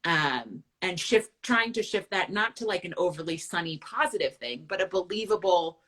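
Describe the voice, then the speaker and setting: Candid female wellness host, lower voice with a bright, forceful edge; loose, chatty delivery. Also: expressive, moderate pace. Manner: candid, chatty, fills with "like" and "right?". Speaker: nutritionist and host. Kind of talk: casual chat.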